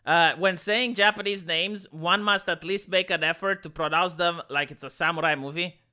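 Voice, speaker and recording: This Romanian live streamer reacts to a video, stammering through restarts and plenty of fillers in casual commentary. He talks at normal speed in a high, steady, pushed and bright voice.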